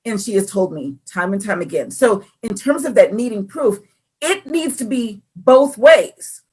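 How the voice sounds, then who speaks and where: A woman's voice: medium pitch, a little slow, husky. A woman, co-hosting a casual faith chat and animatedly talking through her thoughts. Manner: animated, acts out quoted voices. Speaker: podcast co-host.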